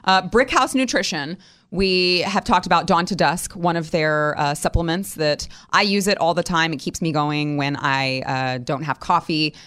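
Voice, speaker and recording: A woman's voice: low-pitched, moderate pace, clean tone. A woman co-hosting a talk radio show, chatting casually and teasing her co-host. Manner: lively, laughing, teasing.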